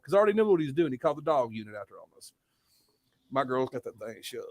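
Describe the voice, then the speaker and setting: A man's voice: medium pitch, rapid-fire, a little mellow, no room sound, studio quality. A young adult man telling a story in casual, profane podcast chat. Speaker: podcast host.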